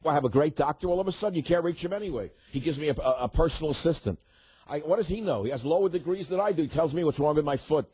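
Ranting, sarcastic older talk radio host. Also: male voice, fairly high pitch, racing, a little mellow, breathy edge, no room sound.

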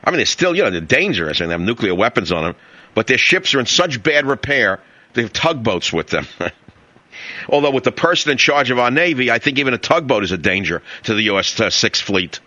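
A man's voice: mid-range voice, big pitch swings, brisk, pushed and bright, dry recording, highs cut off. A middle-aged man with a New York accent hosting a talk radio show, brash and mocking, full of sarcasm.

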